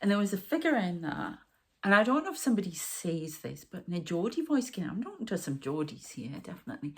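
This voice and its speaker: A woman's voice: mid-range voice, very animated, brisk. A middle-aged woman giving a rambling channelled tarot reading, talking to the viewer and aside to spirits. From northern England. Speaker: tarot reader and medium.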